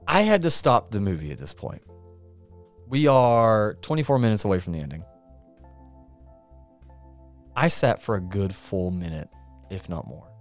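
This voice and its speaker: A male podcast host recaps a movie in a loose, rambling way, full of fillers and amused asides. His mid-pitched voice swings widely as he acts out lines. Faint music plays behind him.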